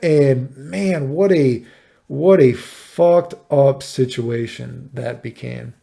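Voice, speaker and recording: A man in his thirties, rambling through a personal story with a gravelly edge and a dark, relaxed tone. He swears freely and sounds exasperated as he retells it in a casual vlog manner. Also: mid-range voice, takes it slowly. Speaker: vlogger.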